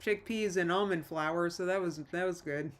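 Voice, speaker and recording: A woman's voice: on the low side, moderate pace. A woman hosting a casual livestream, rambling and nostalgic as she reads viewer comments aloud and restarts her sentences. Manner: nostalgic and emotional. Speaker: livestream host. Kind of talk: casual live-stream chat with viewers.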